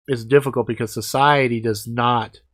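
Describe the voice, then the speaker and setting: Male, 40s, vlogger. Casual, blunt and profane, lively storytelling. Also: medium pitch, moderate pace. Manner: blunt, heavy swearing, animated. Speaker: vlogger answering comments.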